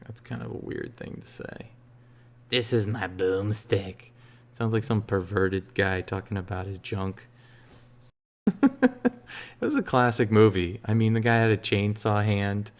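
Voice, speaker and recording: A man streaming games, chatting casually in a relaxed, rambling way with a soothing voice and lots of fillers. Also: on the low side, normal speed, few pauses. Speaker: game streamer. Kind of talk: casual live-stream chat.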